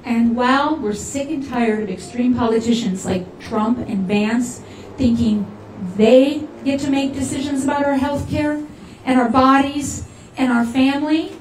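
A woman's voice: high-pitched, unhurried, a little mellow. A woman giving an impassioned rally speech and leading the crowd in chants. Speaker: political rally speaker. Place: large rally hall with crowd. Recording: echoey hall, crowd noise, mic from a distance. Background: cheering crowd.

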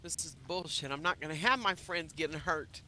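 A woman's voice: low voice, brisk, sharp tone, slight background noise. A woman playing her own character in a roleplay game, heated, emphatic and swearing. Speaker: roleplay player.

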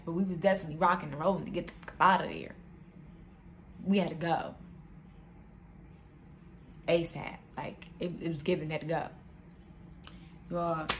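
A young woman vlogger telling a storytime to her viewers in an animated, slangy way, often calling them "y'all". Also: on the low side, a little hiss or hum. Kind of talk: casual storytime vlog.

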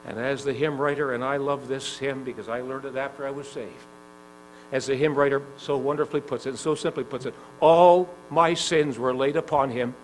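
A man preaching a sermon in a gospel hall, rising to loud urgent climbs and dropping to slow, soft lines, often repeating himself and asking the listeners questions. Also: medium pitch, little pitch movement, a little hiss or hum. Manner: repeats phrases, asks the congregation questions.

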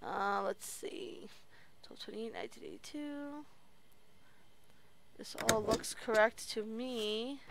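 High-voiced woman streamer, hissy recording. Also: slow pace, gravelly, pauses often, fairly bright tone. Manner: talks to herself while working, mutters under her breath. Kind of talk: let's play commentary.

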